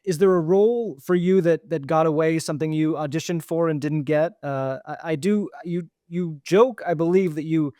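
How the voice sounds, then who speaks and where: A male podcast host with a fairly high, smooth, resonant voice. He asks measured questions dotted with ums, and the sound is dry and close to the mic. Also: steady tone, warm tone, no echo. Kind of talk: podcast interview.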